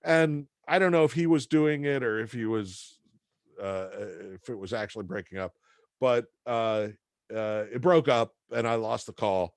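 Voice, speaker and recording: A man's voice: medium pitch, moderate pace, clear, resonant tone, no room sound. A man teaching a class, telling a story in a rambling, hesitant way full of fillers and restarts. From near Boston, USA. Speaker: instructor.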